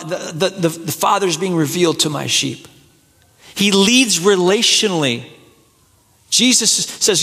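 A man preaching a sermon, rising to excited peaks and then falling soft and low. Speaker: pastor. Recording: echoey hall with long reverb.

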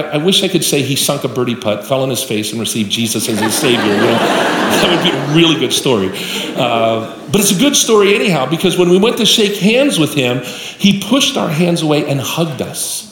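A male pastor preaching a sermon with folksy storytelling, addressing the congregation directly. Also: a little high. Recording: echoey live hall with room noise.

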